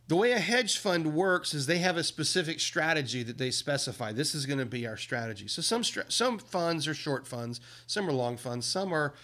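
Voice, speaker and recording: Indignant man ranting on a livestream. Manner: indignant, emphatic, animated swings in pitch. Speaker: livestream host. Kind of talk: casual ranting livestream commentary.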